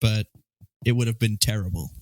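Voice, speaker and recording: A man's voice: fairly low pitch, moderate pace, no echo. A man co-hosting a movie podcast, making wry casual comments on the film. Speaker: podcast co-host. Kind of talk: casual movie-review chat.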